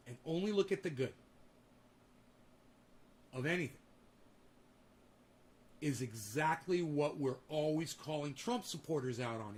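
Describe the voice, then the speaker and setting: A man hosting a livestream who rants heatedly at his chat, swearing freely and talking straight back to commenters. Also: a little high. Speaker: streamer host.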